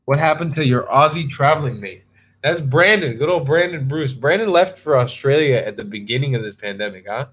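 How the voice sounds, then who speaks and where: A man's voice: medium pitch, animated, a little fast, fairly bright tone, husky. A young man hosting a live stream, casually chatting, joking and answering viewers' questions with many ums and restarts.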